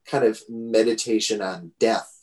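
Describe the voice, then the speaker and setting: A man's voice: lowish voice, fairly even intonation, measured pace, a little mellow, low-quality recording. A man talking through a film in a casual podcast chat, thoughtful and hedging.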